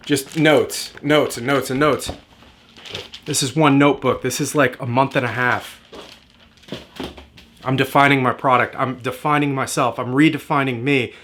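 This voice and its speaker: A man's voice: fairly high pitch, fairly bright tone. A man giving a direct-to-camera marketing lesson, emphatic and repetitive in a motivational way. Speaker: marketing coach.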